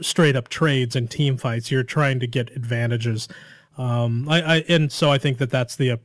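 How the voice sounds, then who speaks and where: A man's voice: medium pitch, dry recording, clean studio sound. A man hosting a casual gaming podcast, upbeat and encouraging as he talks straight to his listeners. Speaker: podcast host.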